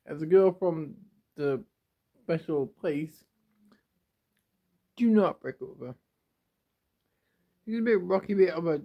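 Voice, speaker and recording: Young male vlogger, emotional confessional, repetitive and halting, fighting tears, slightly raised pitch, muffled lo-fi sound. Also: expressive. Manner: rambling and repetitive, stumbling over words. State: close to tears. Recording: dull lo-fi home video.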